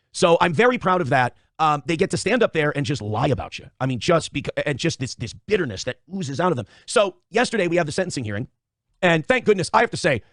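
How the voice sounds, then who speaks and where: A man's voice: fairly high pitch, no echo, clean studio sound. A man in a casual livestream monologue, blunt and profane, often circling back to the same points. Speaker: streamer.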